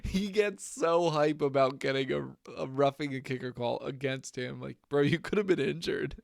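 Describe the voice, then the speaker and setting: Young man, gravelly voice, dry close sound, relaxed football chat, laughs a lot. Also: mid-range voice, moderate pace, no room sound. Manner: laid-back, laughs often. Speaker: podcast co-host. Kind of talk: casual sports chat.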